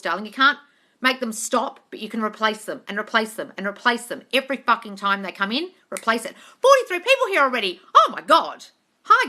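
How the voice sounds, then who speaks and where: A woman hosting a livestream question-and-answer, blunt and emphatic, and she swears freely. Her voice is bright and forceful and sits fairly high. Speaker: manifestation coach hosting a live Q&A.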